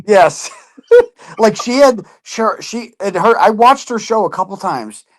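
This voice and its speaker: A man's voice: high voice, expressive, unhurried, a bit bright. A man in casual chat, telling a story with lots of swearing and putting on other people's voices. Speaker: podcast guest.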